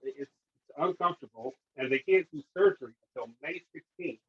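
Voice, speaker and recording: Husky-voiced man telling a long story. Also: medium pitch, fairly quick, muffled recording. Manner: animated, acts out dialogue with doctors and nurses. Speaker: guest. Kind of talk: casual podcast storytelling.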